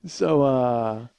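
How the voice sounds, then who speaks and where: A man in his forties hosts his own comedy podcast as a loose storytelling monologue. He rambles and mocks himself, with many fillers. His voice is mellow and warm rather than bright, in the middle range for pitch. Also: creaky. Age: 40s. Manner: rambling, self-deprecating, full of fillers.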